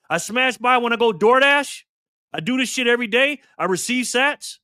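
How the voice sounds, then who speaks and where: A man in his fifties rants to camera with a high, bright, forceful voice, swearing freely and pressing his points hard. The sound is dry and close. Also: moderate pace, no room sound. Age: 50s. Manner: heated, profane, emphatic, preachy. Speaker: channel host. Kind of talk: direct-to-camera vlog rant.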